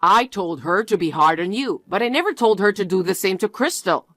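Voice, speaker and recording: A woman's voice: medium pitch, animated, brisk, fairly bright tone, no room sound. A woman voicing a smug, cheating young fiancé in a one-voice story narration, talking in a dismissive, self-justifying way.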